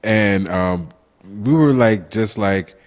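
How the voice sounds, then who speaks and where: A man with a very deep, low voice chats casually as a podcast co-host. He is playful and sassy, laughs a lot and often lets his voice sink low at the end of a thought. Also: takes it slowly, very noisy. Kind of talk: casual chat.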